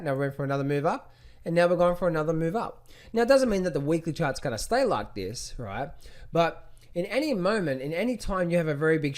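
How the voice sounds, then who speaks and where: Man coaching trading on screen. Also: a little high. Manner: rhetorical questions, repeats phrases. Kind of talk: screen-share chart walkthrough.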